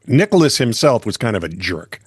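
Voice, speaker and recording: A man's voice: fairly low pitch, very animated, brisk, husky, no room sound. A man hosting a podcast, chatting casually with dry, wry asides and reading listener comments. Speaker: podcast host. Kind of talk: casual comedic banter.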